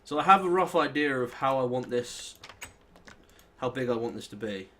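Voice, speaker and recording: A young British man hosts his gameplay session in loose, rambling commentary. He thinks out loud and pokes fun at his own mistakes, in a middle-pitched voice close to a desk mic. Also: lively intonation, moderate pace. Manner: rambling, self-deprecating, thinks aloud while playing. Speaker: let's play host.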